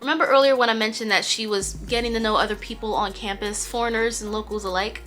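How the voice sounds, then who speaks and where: A young woman hosting a casual storytime, chatty and joking, with quick asides and laughs. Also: fairly high pitch, steady tone, music in the background. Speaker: storytime host.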